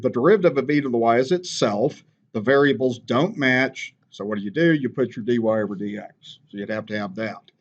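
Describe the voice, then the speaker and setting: A man's voice: mid-range voice, lo-fi sound. A man teaching a math class, patiently walking through steps and checking in with "okay?". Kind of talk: classroom lecture.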